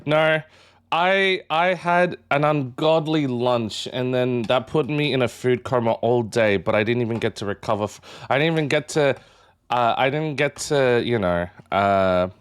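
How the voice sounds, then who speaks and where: Speaking a little slowly in a smooth, mid-range voice, a man chats casually on a live stream and greets each chat member in turn. His manner is animated, with sudden excited yelps.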